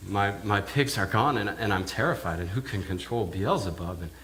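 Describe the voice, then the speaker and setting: A man delivers a sermon as a first-person character monologue in a church, his voice sitting on the low side. He talks haltingly, often repeating words before pushing on, with a faint hiss under him. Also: fairly bright tone. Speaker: minister.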